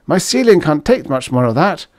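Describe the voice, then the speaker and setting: An impulsive, frazzled man who bursts out with excited exclamations, his voice raised above the narrator's plain tone. A male narrator plays him in a close, dry storybook reading. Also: fairly high pitch, normal speed, dry recording, voice pushed up. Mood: excitable. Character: excitable, impulsive middle-aged man, frazzled android owner.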